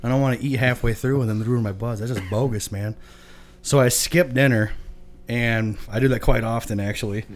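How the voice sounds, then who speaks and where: A man's voice: medium pitch, steady tone, brisk. Laid-back man telling a rambling story. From Michigan. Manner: laid-back, laughing often, profane. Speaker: podcast guest. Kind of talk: casual storytelling.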